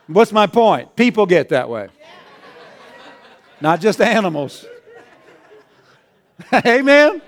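A man's voice: high-pitched, big pitch swings, slow, long pauses, a faint crowd. A male pastor preaching a sermon, often chuckling and calling out to the congregation. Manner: chuckling, call-and-response.

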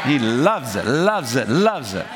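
A man preaching a lively sermon in a folksy way, laughing often and acting out voices. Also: medium pitch, a little slow, heavy background noise. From rural United States. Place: church. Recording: congregation responding.

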